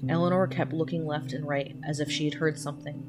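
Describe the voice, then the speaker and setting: Low-voiced woman narrating horror. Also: steady tone, fast, background noise. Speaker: podcast storyteller. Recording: music playing under the voice.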